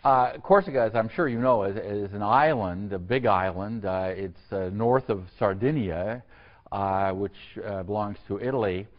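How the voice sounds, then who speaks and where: A man giving a university history lecture in a halting, digressive way, full of fillers and restarts. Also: lowish voice. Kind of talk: classroom lecture. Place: lecture hall. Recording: dull lo-fi lecture recording.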